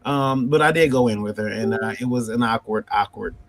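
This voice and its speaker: A man who creates comics, telling a story on a panel in a halting way, repeating words as he goes. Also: mid-range voice, a little hiss or hum. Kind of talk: casual panel chat.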